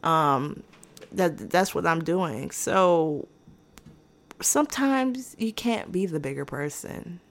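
A woman with a slightly low-pitched voice tells a casual story time as a podcast host. Her delivery is dry and sarcastic, full of restarts and asides, and she sounds unbothered throughout. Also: expressive, takes it slowly.

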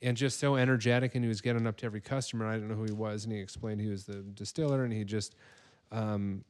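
A man's voice: fairly low pitch, steady tone, fast talker, darkish tone. Rambling male podcast host. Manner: rambling, filler-heavy. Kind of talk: casual chat.

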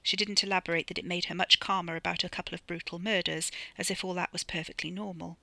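A woman reads her own novella aloud, brisk and dry in delivery. Her voice sits slightly low but sounds very bright, recorded close in a dead, dry space. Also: steady tone, vocal fry, no echo. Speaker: author reading her novella. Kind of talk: audiobook narration.

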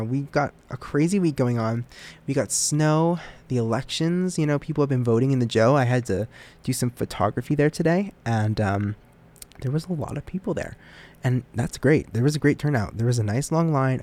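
A man's voice: mid-range voice, a little mellow. Young male podcast host, loose casual delivery, self-deprecating, trips over his words. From United States. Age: young adult. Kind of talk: casual solo podcast chat.

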